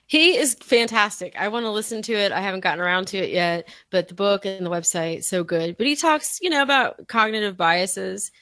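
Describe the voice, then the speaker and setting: A woman chatting on a podcast in a lively, animated way, laughing often and acting out what others said. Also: medium pitch, a little fast, few pauses, no room sound. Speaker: podcast guest. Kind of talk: casual podcast chat.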